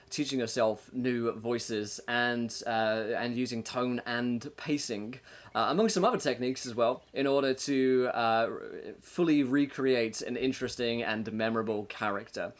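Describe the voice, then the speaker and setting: A man hosting a tabletop game stream as game master, talking in a casual, upbeat monologue that is full of fillers and quick laughs. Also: mid-range voice. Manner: upbeat and chatty, laughing between thoughts, many filler words. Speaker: game master and show host.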